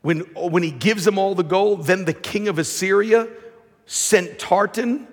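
A man's voice: sits high, measured pace. A man preaching a fervent sermon as pastor, often restarting and repeating his words as he builds his point. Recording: long hall reverb.

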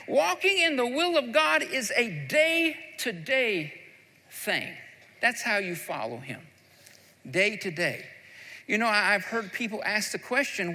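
A man's voice: high-pitched, lively intonation, measured pace, pushed and bright. A man preaching a sermon, building to fervent, emphatic delivery. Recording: long hall reverb.

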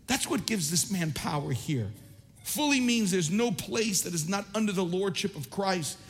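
A man preaching a sermon as pastor, impassioned and rising to shouts at times, then reading scripture more quietly. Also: a little high, long reverb tail.

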